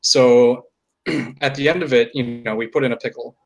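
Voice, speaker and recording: A young man with a mid-pitched voice tells a story from his job in casual podcast chat. He keeps it deadpan and drops a curse now and then. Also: normal speed, vocal fry, poor audio. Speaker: podcast co-host.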